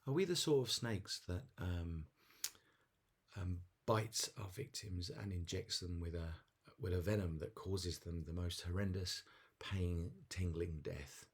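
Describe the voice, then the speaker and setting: A man voicing an anxious young snake in a told joke, high and questioning. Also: a little slow, breathy edge, heavily acted. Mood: worried. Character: anxious little boy snake, young, worried.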